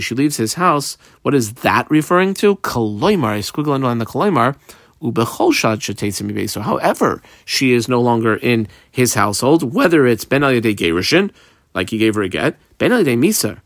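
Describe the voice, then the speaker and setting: A man's voice: medium pitch, big pitch swings, fairly quick, no echo, studio quality. A man teaching a Talmud class. He reads the text aloud and translates it line by line, frequent "uh" fillers.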